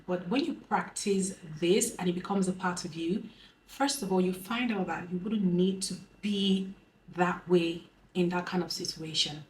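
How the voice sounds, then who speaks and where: A young woman with a Nigerian English accent speaks slowly and calmly, choosing her words with care. Her voice sits a little low for a woman, with a faint hiss of noise behind it. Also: poor audio. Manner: slow, calm, deliberate delivery. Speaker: beauty and lifestyle vlogger. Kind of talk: advice vlog.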